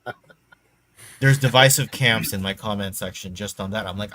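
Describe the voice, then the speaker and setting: A man's voice: on the low side, brisk, a bit bright. A man chatting on a live show who talks in a dry, sarcastic way. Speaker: online video creator. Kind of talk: casual live chat.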